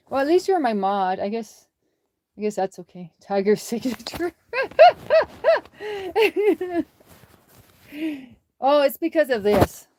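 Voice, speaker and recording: A woman's voice: mid-range voice, darkish tone, dry recording. An American woman livestreaming from home, chatting casually, reading viewer comments aloud and laughing often as she talks to her cats. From United States.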